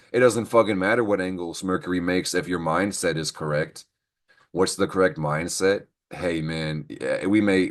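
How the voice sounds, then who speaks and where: A young man hosting a casual astrology show, joking, swearing freely and laughing often, recorded on a computer call. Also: low voice. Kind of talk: casual weekly astrology talk. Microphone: computer mic on a screen-recorded call.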